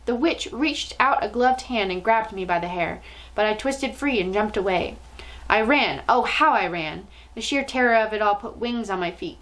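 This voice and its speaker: Bright-voiced woman reading a storybook. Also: fairly high pitch, moderate pace, poor audio. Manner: expressive, dramatic storytelling. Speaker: children's story reader. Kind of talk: reading a children's novel aloud.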